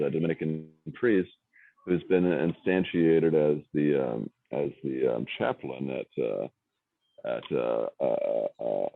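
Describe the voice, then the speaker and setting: A man's voice: very deep voice, gravelly, no echo. A man talking in a rambling, self-searching way with frequent restarts, in casual conversation over a tinny, phone-like line. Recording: dry tinny phone-like sound.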